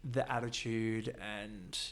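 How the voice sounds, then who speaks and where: A man's voice: on the low side, fairly even intonation, fairly bright tone. A man hosting a podcast, chatting casually and gossiping with a guest. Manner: gossipy, quick reactions. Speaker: podcast host. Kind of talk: casual chat recapping a reality show.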